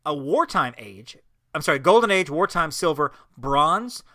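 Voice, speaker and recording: Male co-host, bright dry close-mic sound, upbeat and gushing. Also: on the high side, very animated, a little slow, dry recording. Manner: enthusiastic, gushing. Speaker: podcast co-host. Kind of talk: casual chat.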